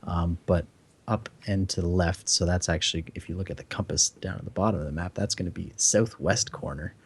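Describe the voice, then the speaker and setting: Husky deep-voiced man running a game. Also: fairly even intonation, brisk. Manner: describes scenes with many fillers and self-corrections. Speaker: dungeon master. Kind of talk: narrating a tabletop game.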